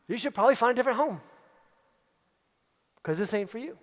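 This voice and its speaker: A man with a notably high voice speaks as a leadership coach at a live retreat. He drives his points home by repeating key phrases, in the style of a motivational keynote. His voice rings out in a big hall with a long reverb tail. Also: expressive, fairly quick, long pauses.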